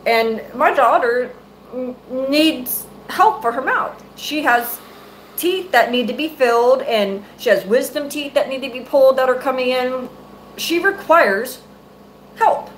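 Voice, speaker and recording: A woman's voice: high-pitched, unhurried, a little hiss or hum, low-quality recording. A middle-aged woman, a mother, angrily venting to her viewers on a live stream, cursing freely and close to her phone mic. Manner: angry, profane, venting.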